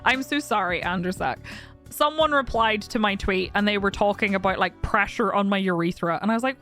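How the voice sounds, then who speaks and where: A woman's voice: mid-range voice, fairly quick, fairly bright tone, faint music behind. A woman streaming a game live, chatting casually and animatedly, often laughing and swearing.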